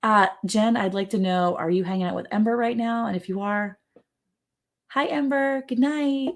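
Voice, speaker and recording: A woman's voice: mid-range voice, steady tone, a little fast. A woman hosting a casual ranch livestream, chatty, reading viewer comments aloud and laughing often. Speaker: livestream host. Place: ranch home.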